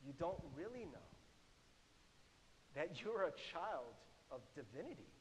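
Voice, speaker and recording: A middle-aged male pastor preaches with a notably high, lively voice, chatty and animated, often laughing and asking his listeners questions. His words ring out with a long reverb, as if in a large hall. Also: unhurried, slight background noise. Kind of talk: sermon.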